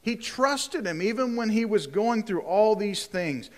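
A man's voice: sits high, lively intonation, unhurried. A male pastor preaching a sermon in a conversational way, often repeating words and asking rhetorical questions.

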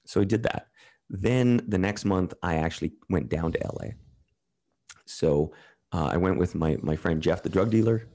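A Canadian man with a deep, warm voice talks at a moderate pace as a guest on a talk podcast. He tells casual, candid stories full of profanity and acts out what others said to him in their voices.

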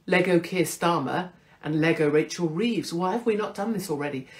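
A woman's voice: fairly low pitch, moderate pace, darkish tone. A middle-aged British woman hosting her own show, talking in a brash, self-mocking monologue full of swearing. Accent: British English. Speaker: host. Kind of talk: casual monologue.

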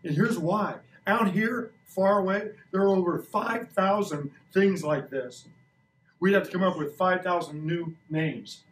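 60s guy teaching kids science, jokey, asks lots of questions, kinda high voice, echoey room from far off. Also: measured pace, a bit bright. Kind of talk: classroom science demo. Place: school classroom. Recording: echoey classroom recorded from a distance.

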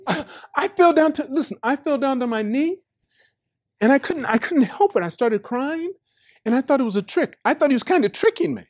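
An older man from the United States telling stories in a lively staff talk, moving between quiet asides and loud outbursts and laughing often. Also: very high-pitched, fairly quick. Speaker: company staff talk speaker. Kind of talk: animated storytelling talk. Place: meeting room with staff.

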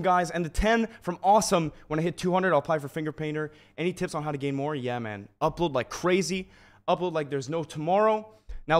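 Excitable slangy young man streaming. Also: on the high side. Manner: excitable, slangy, addresses viewers as bro and man. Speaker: gaming livestreamer. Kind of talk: casual livestream chat. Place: home.

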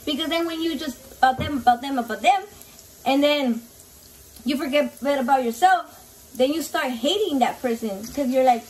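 A high-voiced Mexican-American woman talks in a chatty, foul-mouthed, rambling way as she cooks. She sits a little back from the mic in a home kitchen, with a faint hiss behind her. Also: moderate pace, a little mellow. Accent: Mexican-American, mixing in Spanish. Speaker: cooking vlogger. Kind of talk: casual cooking vlog chat. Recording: slightly distant mic, faint background noise.

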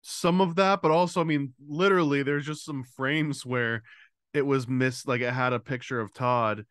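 A podcast co-host chats casually, enthusiastic and talkative, using many fillers. His male voice is mid-range, a bit bright, clear, and resonant, with fairly even intonation and normal speed. The clean studio sound has no room sound.

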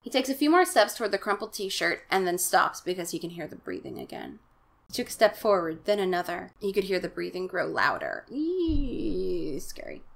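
A woman's voice: fairly low pitch, very animated, a little fast, gravelly, a bit bright. A young woman hosting a comic reading of a children's horror book, mixing dramatic narration with sarcastic, irreverent asides and putting on exaggerated voices for the characters. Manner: sarcastic, irreverent commentary with profanity.

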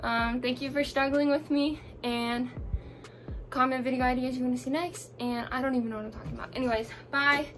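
A woman's voice: high voice, fairly even intonation, brisk. A young woman, out of breath after exercising, rambling chattily through a casual workout vlog with lots of fillers. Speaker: vlogger. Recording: background music under voice.

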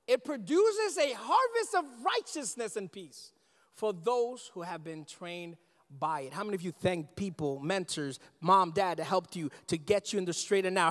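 A man in his thirties preaching a sermon as pastor, animated and conversational, often asking the congregation questions. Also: very high voice. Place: church sanctuary. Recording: long church reverb.

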